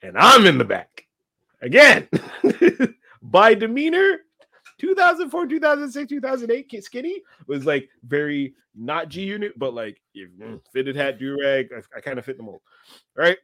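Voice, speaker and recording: An animated man in his thirties spins stories on a podcast, his fairly high voice swooping up and down as he laughs and acts out every character. The sound is dry and close, with no room around it. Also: normal speed, no room sound. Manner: animated, laughing storyteller acting out quotes. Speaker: podcast host. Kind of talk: casual storytelling chat.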